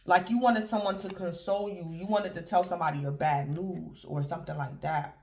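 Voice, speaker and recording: A woman's voice: lowish voice, fairly even intonation, fairly quick, a little mellow. A woman giving a casual tarot reading to her viewers, talking in a loose, repetitive, conversational way. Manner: repetitive, conversational, keeps addressing the collective. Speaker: tarot reader.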